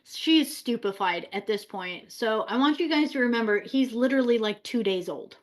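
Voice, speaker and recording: A woman's voice: fairly high pitch, expressive, moderate pace. A woman hosting a spiritual channel, who chattily explains a story she is reading and leans on fillers like "like". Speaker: spiritual host. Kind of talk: casual story commentary.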